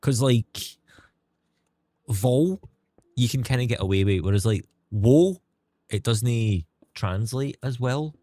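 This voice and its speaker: A man's voice: medium pitch, normal speed, hardly any pauses, mellow, dry recording, clean studio sound. A young Scottish man streaming, talking candidly and rambling, with frequent restarts and the odd swear word. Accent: Scottish, softened. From Scotland. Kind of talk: casual livestream chat.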